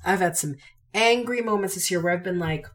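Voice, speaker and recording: A woman's voice: fairly low pitch, a little fast. A woman hosting a solo podcast, talking candidly and emphatically, repeating phrases to drive her points home. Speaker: podcast host.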